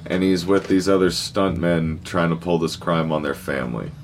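A man in casual podcast chat, telling a plot recap in an animated, profane way. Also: sits low, moderate pace, a little hiss or hum.

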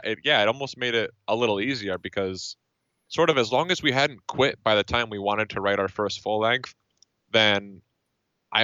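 Male band guest, low bright voice, dry muffled lo-fi audio, thoughtful and meandering. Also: dry recording. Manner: thoughtful, lots of fillers and restarts. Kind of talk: casual interview. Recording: dull, dry lo-fi sound.

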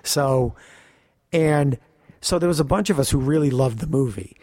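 A man co-hosting a podcast, telling a story in casual chat, animated, swearing and laughing often. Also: medium pitch, moderate pace, no echo, studio quality. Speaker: podcast co-host.

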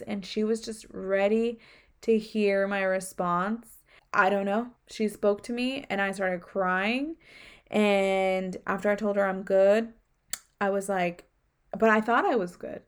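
A woman's voice: medium pitch, slow, clean tone. A young woman hosting a podcast, telling a personal story in casual chat, with many filler words. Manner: chatty, frequent "like" fillers. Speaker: podcast host.

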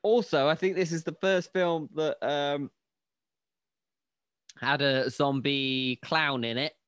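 Man, slightly high voice, jokey crude banter, dry sound. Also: fairly even intonation, slow pace, fairly bright tone, clean tone, no echo. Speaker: podcast co-host. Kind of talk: casual film review chat.

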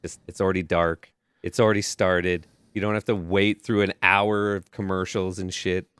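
Profane Canadian man, low voice. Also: moderate pace, smooth, no room sound, studio quality. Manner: profane, rambling, excitable. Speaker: podcast co-host. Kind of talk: casual chat.

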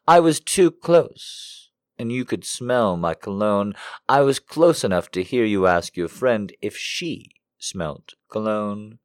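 A man as comedic host, rambling in a deadpan, self-mocking way and reading letters aloud. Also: fairly low pitch, no echo, studio quality.

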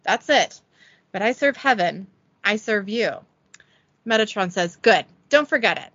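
A woman's voice: medium pitch, animated, measured pace, fairly bright tone, no room sound, lo-fi sound. A woman hosting a podcast, casually reading a script recap aloud and joking about it in a giggly, self-deprecating way. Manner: giggly, self-deprecating, reads quotes with little voicing. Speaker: podcast host recapping an episode.

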